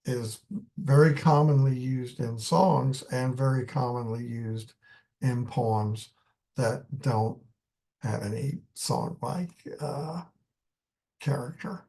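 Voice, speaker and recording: A man lecturing on poetry in a live online class, explaining in an unhurried way and thinking aloud with many fillers. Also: mid-range voice, creaky, dark tone.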